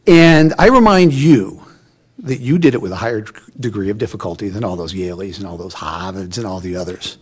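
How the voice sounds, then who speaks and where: A man delivering a commencement speech in a large hall, folksy and encouraging. He openly admits to getting emotional. His voice has a breathy, husky edge. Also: sits low, fast, hardly any pauses, a little mellow. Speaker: commencement speaker.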